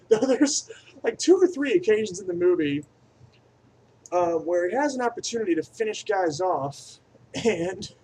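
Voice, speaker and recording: A man's voice: high-pitched, a little hiss or hum, rough recording. Crude, rambling man reviewing a movie. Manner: crude and profane, rambling aside-heavy delivery; enthusiastic, swinging between loud bursts and mumbled asides.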